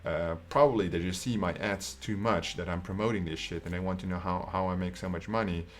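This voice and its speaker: A man's voice: deep voice, a little fast. A Dutch man in his twenties with a Dutch accent, telling a personal story in a casual, profane way and often tagging his sentences with "right?". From Netherlands. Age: 20s. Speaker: online coach.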